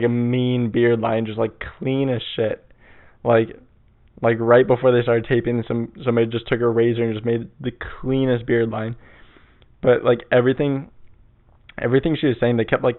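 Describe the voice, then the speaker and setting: A man hosting his own podcast in casual chat, rambling and swearing with lots of fillers. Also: medium pitch. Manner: rambling, profane, full of fillers. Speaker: podcast host. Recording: tinny phone-like sound.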